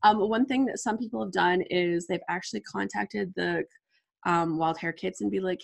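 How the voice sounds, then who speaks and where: Bubbly woman with vocal fry. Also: on the low side, steady tone, moderate pace. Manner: bubbly, gushing, lots of "like" fillers. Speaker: scrapbooking livestream host. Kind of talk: casual live crafting chat.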